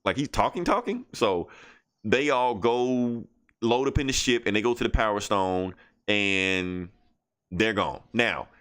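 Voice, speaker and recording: A man's voice: fairly low pitch, steady tone, takes it slowly, fairly bright tone, clean tone. Profane, rambling man recapping comics. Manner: profane, rambling, laughs a lot, acts out characters. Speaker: podcast host reviewing comics. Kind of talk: casual comic book recap.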